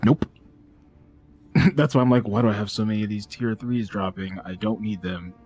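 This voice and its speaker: A man's voice: lowish voice, moderate pace, a little mellow, slightly rough, faint music behind. A man chatting casually while playing a video game, rambling and thinking aloud with lots of fillers. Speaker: let's play co-player. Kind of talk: casual gaming chat.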